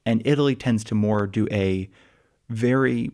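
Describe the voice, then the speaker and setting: A man's voice: on the low side, measured pace, a little mellow. A man co-hosting a casual travel podcast, chatty and jokey, often trailing off mid-sentence. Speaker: podcast co-host. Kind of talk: casual chat.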